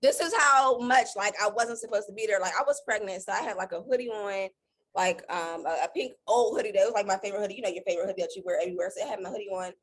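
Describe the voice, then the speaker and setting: A woman's voice: mid-range voice, rapid-fire, a bit bright, breathy edge. Casual rambling woman telling a story. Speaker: co-host. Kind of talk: storytime chat.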